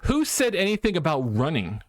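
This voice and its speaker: A man's voice: high-pitched, huge pitch swings, a little fast, voice pushed up, exaggerated voice. A man voicing a small, brave male mouse warrior in a video game, plucky and defiant.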